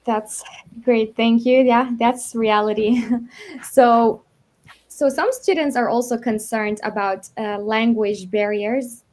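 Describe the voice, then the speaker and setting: A woman's voice: on the high side, slow pace, a little mellow. A woman hosting a live video chat, asking her guest questions in a friendly way with some fillers. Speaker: host.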